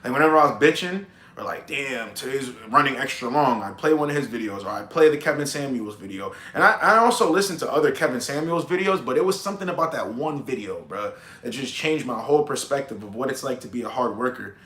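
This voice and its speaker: Speaking fast with lively intonation, this young dating coach casually chats on stream, swearing plenty and using blunt slang while acting out both sides of pickup encounters. His voice is mid-range and a bit bright, with a roomy sound.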